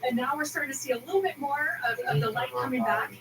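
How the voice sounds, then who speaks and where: A woman's voice: high-pitched, quick pace. Female science reporter, live, emotional and eager; distant, very noisy TV capture. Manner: excited, emotional, restarting often. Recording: TV audio taped from a distance, loud noise.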